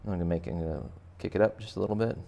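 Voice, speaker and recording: A man with a deep, gravelly voice leads a relaxed drawing lesson for kids. He talks the viewer through each step and tosses in playful jokes as he draws. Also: racing. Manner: chatty, joking asides while sketching. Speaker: art teacher. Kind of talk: casual drawing tutorial for kids.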